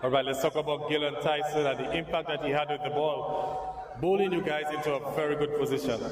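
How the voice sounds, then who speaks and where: A man's voice: fairly high pitch, steady tone, fairly quick. A man, a sports reporter asking a captain chatty, informal questions. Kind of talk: interview questions. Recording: echoey hall from far off with crowd.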